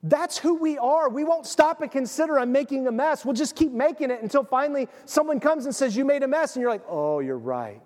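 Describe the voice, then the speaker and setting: A man preaching a sermon with animated storytelling, acting out the voices of the people in his stories. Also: extremely high pitch, a little fast, few pauses. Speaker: pastor. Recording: long hall reverb.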